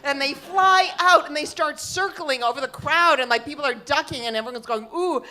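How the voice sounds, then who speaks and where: A woman's voice: sits high, brisk. A middle-aged woman telling a comic story on stage, acting out the people in it. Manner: animated, quotes others with big shifts. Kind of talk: live storytelling.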